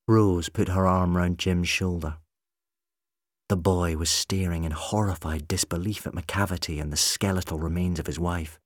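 A man narrating a story in a measured, scripted way. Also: low-pitched, fairly even intonation, dry recording, clean studio sound. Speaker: audiobook narrator.

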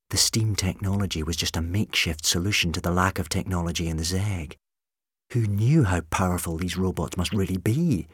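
A man reading a story aloud in measured, softly tense scripted narration. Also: low voice, husky, no echo, studio quality. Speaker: audiobook narrator.

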